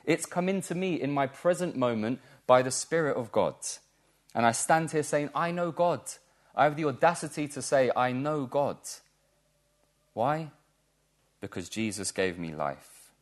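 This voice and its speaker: A man's voice: mid-range voice, animated, moderate pace. A man preaching a sermon in a church, earnest and emphatic, repeating key words for stress.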